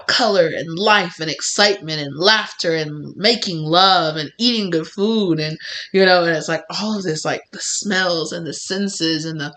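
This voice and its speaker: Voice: mid-range voice, a little slow, bright, forceful tone. A tarot reader giving a casual pick-a-card reading, rambling and effusive, with many "like"s and restarts.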